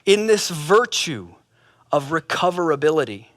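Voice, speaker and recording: A male pastor preaching a sermon, telling a comic parable in an animated, casual way with bits of slang. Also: on the high side, unhurried, no room sound, clean studio sound.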